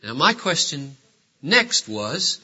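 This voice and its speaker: A man preaching a sermon, emphatic and full of rhetorical questions, with sudden swings between loud and quiet. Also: on the high side, sing-song, breathy edge. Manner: rhetorical questions, drawn-out phrases. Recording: dull lo-fi sermon recording.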